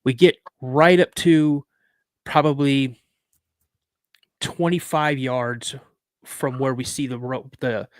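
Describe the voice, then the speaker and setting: A man's voice: mid-range voice, fairly even intonation, slow pace, long pauses, dry recording. Guest, man in his 50s, dramatic storyteller, mid-range voice, dry mic. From United States. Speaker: podcast guest. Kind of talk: telling a personal story.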